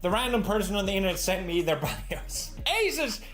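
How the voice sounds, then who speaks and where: A man streaming, chatting casually and ranting animatedly, breaking into shouted outbursts. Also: high-pitched, big pitch swings, a little fast, soft background music. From Japan-based.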